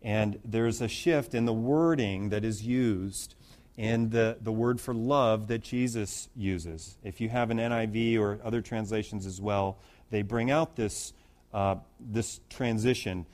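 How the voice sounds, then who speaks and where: A man's voice: fairly low pitch, unhurried, darkish tone. A man pastor preaching through a Bible passage in a conversational way, with restarts and rising emphasis. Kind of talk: expository sermon.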